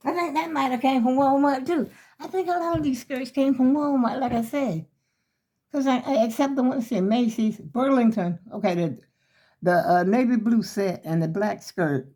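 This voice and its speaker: With a medium-pitched, darkish voice, an older woman vlogger chats to viewers as she displays her skirts. A little breathless, she rambles casually and keeps calling her audience y'all.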